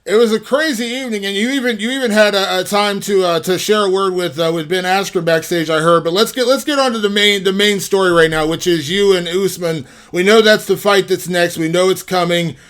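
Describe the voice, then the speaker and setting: A man's voice: high-pitched, fairly quick, hardly any pauses, a bit bright, clear, resonant tone. Rambling male interviewer. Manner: rambling, many restarts and fillers. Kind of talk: interview questions.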